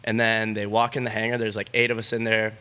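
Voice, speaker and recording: A young man with a low-ish, bright, forceful voice spins a story as a podcast guest. He sounds laid-back and casual, swears freely and fills his talk with "like". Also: monotone, fast talker, clean tone. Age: young adult. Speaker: BMX rider, podcast guest.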